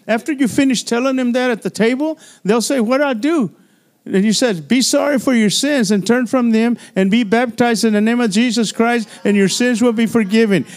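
An older male pastor preaches in a high, light voice. He moves between lively exhortation and chatty, laughing asides, as if talking straight to the congregation in church. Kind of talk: sermon.

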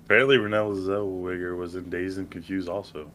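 A man in casual movie chat, relaxed and dry, filling in plot details. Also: low-pitched, brisk, slight background noise. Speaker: podcast co-host.

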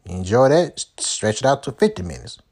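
A man's voice: medium pitch, sing-song, brisk, darkish tone, breathy edge. A man hosting his own solo podcast, talking loosely and rambling with lots of fillers like "you know" and "man". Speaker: podcast host. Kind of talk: solo casual podcast chat.

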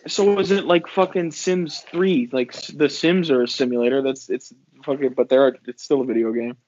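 A man's voice: medium pitch, fairly even intonation, moderate pace, a little mellow, a little hiss or hum. A man in casual chat who jokes and laughs a lot. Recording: dry, dull lo-fi sound.

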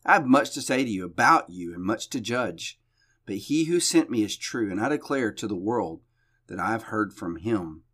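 A man's voice: on the low side, lively intonation, moderate pace, a bit bright. A man hosting a devotional podcast, reading a Bible passage aloud and then explaining it conversationally, often restarting and repeating words.

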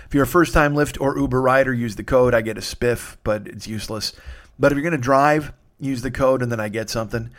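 A man's voice: mid-range voice, a little fast. A man hosting a solo comedy podcast, tired and sniffly, rambling and swearing with self-mocking humor.

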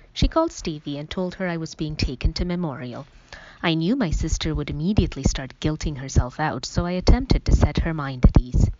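Low-voiced woman narrating, wry storybook tone. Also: noisy background. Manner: wry, conversational. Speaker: audiobook narrator. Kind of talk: first-person storybook narration. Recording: dull, dry lo-fi recording.

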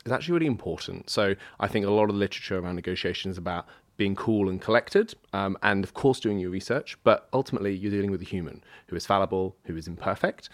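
A man's voice: low-pitched, dry recording. A man speaking as a panel guest in a business discussion, enthusiastic and emphatic, with frequent ums and restarts.

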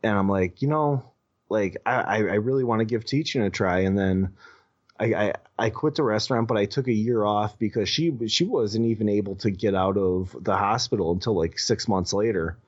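A man with a fairly low voice tells a personal story as a guest, stumbling over restarts and swearing casually. The audio is dull and lo-fi. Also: normal speed. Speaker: podcast guest.

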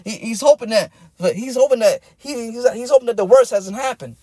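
A man's voice: very high-pitched, brisk, few pauses, warm tone, no echo, studio quality. A man preaching a sermon, building in rising, intense cadences and breaking into bursts of tongues.

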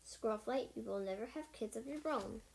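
A woman's voice: fairly high pitch, brisk, gravelly, darkish tone, slight background noise. A woman voicing a proud, worried she-cat warrior in a first-person storybook reading, with small slips as she reads.

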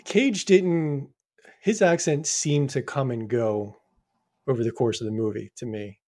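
A man's voice: mid-range voice, measured pace, warm tone. Easygoing man on a movie podcast. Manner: easygoing, hesitant restarts, laughs along. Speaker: podcast co-host. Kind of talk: casual movie discussion.

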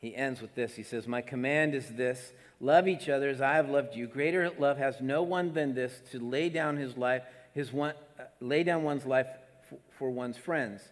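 A man preaching a sermon with animated delivery, at times dropping to soft, hushed tones. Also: medium pitch, moderate pace. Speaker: pastor. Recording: long hall reverb.

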